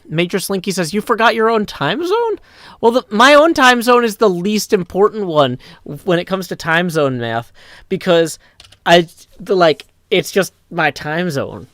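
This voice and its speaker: A man chatting casually on a live stream, reading chat aloud and rambling through answers on a desk mic that clips when loud. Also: high voice, animated, measured pace, dry recording.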